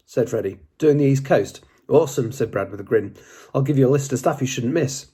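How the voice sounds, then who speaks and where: A man's voice: medium pitch, brisk, mellow, breathy edge. A man narrating an audiobook, reading plainly and lightly voicing the dialogue.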